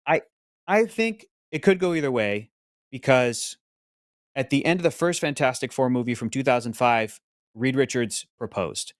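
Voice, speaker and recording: Man, podcast co-host, rambling and jokey, dry close mic, mid pitch. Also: expressive, normal speed, dry recording. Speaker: podcast co-host reading super chats. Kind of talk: casual chat.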